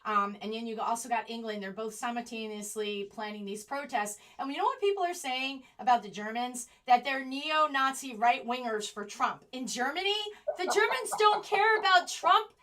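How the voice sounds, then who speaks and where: A high-voiced woman speaks with blunt outrage, cursing freely on a live stream. She sits somewhat back from the mic. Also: normal speed, few pauses, fairly bright tone, recorded from a distance. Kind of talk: heated live-stream talk. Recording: voice a bit off-mic.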